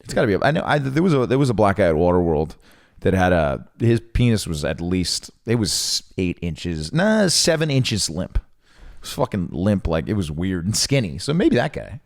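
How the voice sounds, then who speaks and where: A man's voice: sits low, very animated, moderate pace, gravelly. A young man co-hosting a podcast, ranting in a heated, profane way in casual chat. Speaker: podcast co-host.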